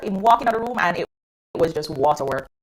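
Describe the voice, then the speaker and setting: A young woman tells her story as a guest on a radio talk show. Her voice sits a little low and husky, and it swings widely in pitch as she gets caught up in the telling. She talks casually and animatedly, laughing now and then. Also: expressive, brisk. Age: young adult.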